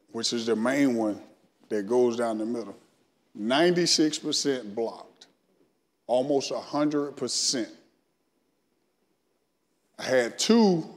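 In a church sanctuary with long reverb, a middle-aged Southern-accented man from Alabama delivers his testimony as a guest speaker in a sermon. He speaks in a mid-range voice and acts out what he once said.

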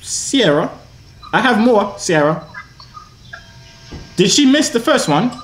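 A man's voice: sits high, sing-song, slow, a crowd in the background. A young man chatting with strangers over a phone video app, in a goofy, teasing, rambling way. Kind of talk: casual video chat. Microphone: phone on a video chat app. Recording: echoey room, noisy video call.

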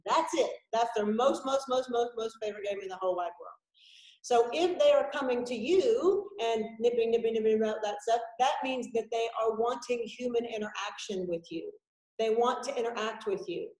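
A woman with a fairly high voice teaches dog owners over a video call, chatty and animated. Her voice rings in an echoey home room. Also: moderate pace. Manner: chatty and animated, acts out puppies and dramatic yelps. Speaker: dog trainer teaching a class. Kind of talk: informal online class lecture. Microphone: video call microphone.

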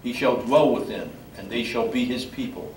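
An older man, a priest, reading scripture in a measured, solemn way at a memorial service. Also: medium pitch, darkish tone. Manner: measured solemn reading, halting when speaking freely. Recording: echoey room from far off, faint background noise.

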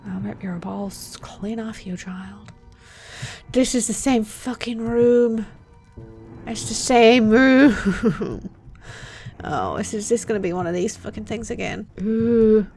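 Faint music plays behind a woman whose medium-pitched, slightly mellow voice moves slowly. She's playing a horror game, swearing and joking while getting easily startled.

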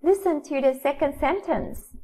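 A woman with a Vietnamese accent, a native Vietnamese speaker teaching an English lesson to children in a slow, deliberate, instructive way. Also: high voice, warm tone, slight background noise.

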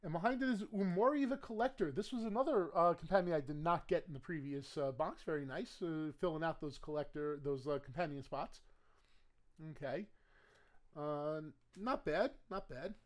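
A card game collector rambles through casual commentary as he opens booster packs, speaking at normal speed in a somewhat high voice. His chatty talk stumbles over fillers and restarts, then bursts into laughter and loud, gleeful yelling when he pulls the cards he wants.

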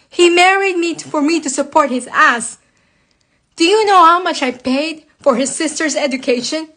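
A woman's voice: sits high, a bit bright. A woman, speaking straight to her viewers in a blunt, impassioned, heavily profane personal rant. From United States.

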